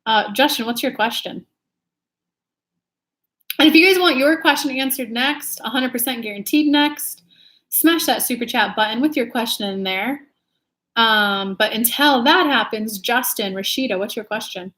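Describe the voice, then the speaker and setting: Brief: woman, live-stream host, casual and animated, pitch a touch high. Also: moderate pace. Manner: chatty and animated, reads viewer comments aloud. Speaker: intuitive reader and channel host. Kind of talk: casual live-stream chat reading comments.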